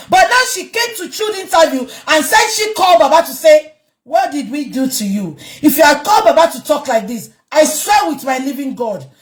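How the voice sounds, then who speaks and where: Brief: Nigerian Yoruba-accented woman commentator, high and animated, emphatic, raises her voice often. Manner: emphatic, switches between English and Yoruba, bursts into shouting. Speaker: online commentator. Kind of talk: heated commentary vlog.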